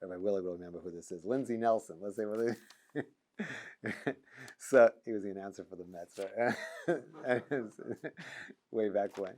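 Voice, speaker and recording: A man's voice: on the low side, moderate pace, long pauses, a little mellow. A middle-aged man, a rabbi teaching a class, talking in a loose, joking way, full of restarts and stammers. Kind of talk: informal lecture. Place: classroom with students.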